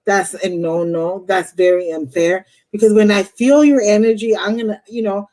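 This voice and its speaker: A woman's voice: medium pitch, steady tone, moderate pace, mellow, rough recording. Host, woman, tarot reader on a live stream; blunt, heated, profane delivery.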